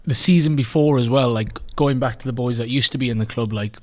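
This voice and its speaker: A man's voice: medium pitch, fairly quick, darkish tone. Rambling, laid-back male podcast co-host. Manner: rambling, lots of "like" and restarts. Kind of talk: casual chat. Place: club podcast recording with mates.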